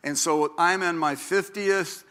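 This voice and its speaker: A man in his sixties, a pastor, preaching a sermon in a chatty, animated way, acting out quotes and stories. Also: measured pace, clean tone. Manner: animated, chatty, acts out quotes with big pitch jumps.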